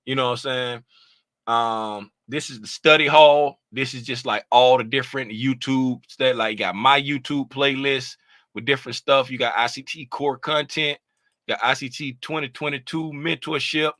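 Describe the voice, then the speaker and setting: A man's voice: medium pitch, steady tone, moderate pace, pushed and bright, no room sound. A man hosting a casual livestream as a trading mentor, explaining things in a laid-back, rambling way with lots of "you know what I'm saying.".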